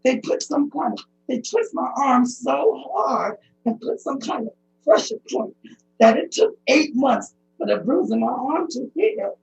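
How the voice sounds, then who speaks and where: A middle-aged woman from the United States giving emotional, pleading personal testimony as a public commenter, her speech halting. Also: sits high, sing-song, gravelly, darkish tone. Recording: dull lo-fi recording.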